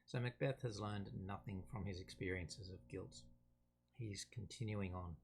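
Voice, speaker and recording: A casual man talks students through a play, stopping to read quotes aloud. His voice sits fairly low and carries a gravelly fry. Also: measured pace. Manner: casual, reads quotes aloud between explanations. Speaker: teacher.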